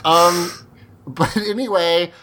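A man's voice: high-pitched, fairly even intonation, slow, bright, forceful tone, slight background noise. A man co-hosting a podcast, recapping a TV episode in casual chat, rambling with fillers and frequent laughs. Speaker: podcast co-host.

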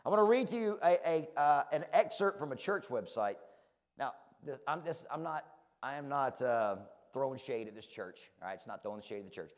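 A man's voice: medium pitch, animated, fairly quick, long reverb tail. A man with a rural American country accent, preaching a conversational sermon, fired-up and self-deprecating, often asking his listeners "right?". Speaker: pastor.

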